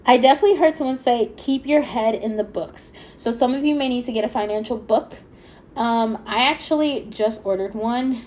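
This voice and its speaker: Woman tarot reader, fairly high voice, excitable chatty delivery, slightly stuffy nose, faint background noise. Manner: chatty, excitable, fast-talking with many fillers. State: a little stuffy-nosed. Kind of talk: pick-a-card tarot reading.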